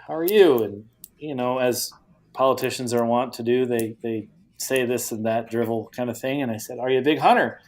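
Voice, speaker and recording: Self-deprecating man telling a story. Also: medium pitch. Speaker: podcast co-host. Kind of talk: casual anecdote.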